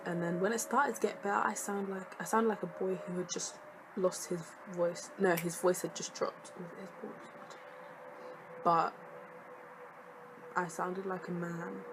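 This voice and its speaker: A woman's voice: lowish voice, little pitch movement, measured pace, background noise. A young woman, a student vlogger chatting casually to camera, sassy and jokey with lots of laughing asides. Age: young adult.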